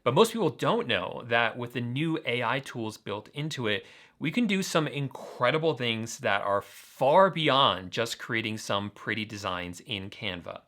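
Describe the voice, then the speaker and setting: A man's voice: medium pitch, expressive, unhurried, a bit bright. A man hosting a tech channel, walking viewers through apps in an upbeat, enthusiastic screen-demo tutorial. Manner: enthusiastic, talks straight to viewers.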